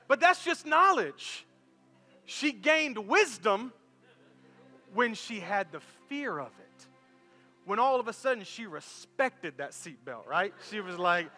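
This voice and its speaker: A middle-aged pastor with a high, bright, forceful voice preaches in a church sanctuary. He tells stories casually and lets them build to animated peaks. His voice rings in the long reverb of the hall over a faint bed of music. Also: slow. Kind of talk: sermon.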